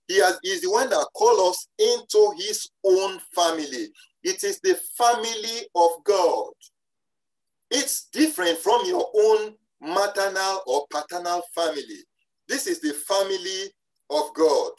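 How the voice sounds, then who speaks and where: A preacher delivers a sermon at a church service. The voice is emphatic and slows deliberately on key phrases. The speaker often restarts and repeats words mid-sentence. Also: medium pitch, low-quality recording.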